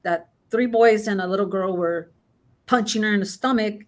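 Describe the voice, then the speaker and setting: A woman's voice: mid-range voice, moderate pace. A middle-aged woman guest in casual chat, telling a long story with many restarts and fillers. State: has the hiccups.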